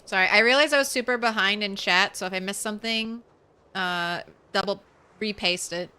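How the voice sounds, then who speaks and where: A woman's voice: medium pitch, normal speed, pushed and bright, smooth. A woman streaming a video game, chatting casually and playfully with her viewers and talking to her cat between jokes. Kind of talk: casual livestream chat while gaming.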